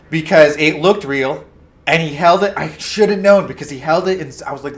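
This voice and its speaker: A man co-hosting a casual talk show, telling a story with big swings between loud and quiet. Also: fairly high pitch, brisk. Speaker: co-host. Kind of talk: casual chat.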